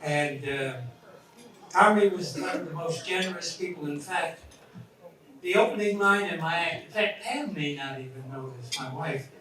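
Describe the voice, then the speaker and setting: A man's voice: a little high, normal speed. A man in his eighties giving a reminiscing speech at a memorial, rambling with asides. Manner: warm-hearted rambling with asides. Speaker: speaker at a memorial. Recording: echoey hall, far from mic, crowd.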